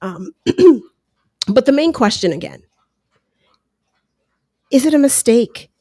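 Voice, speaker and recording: A high-pitched woman with a dark tone and big pitch swings speaks slowly while hosting a podcast in a room at home. Her casual solo commentary is conversational, full of asides and quoted voices. She uses headphones and a close mic, giving studio-quality audio with no room sound, and a dog can be heard lapping water.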